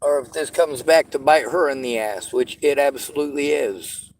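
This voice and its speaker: A man's voice: mid-range voice, moderate pace, poor audio. A man venting frustrated commentary in a vlog, ranting and swearing. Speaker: vlogger.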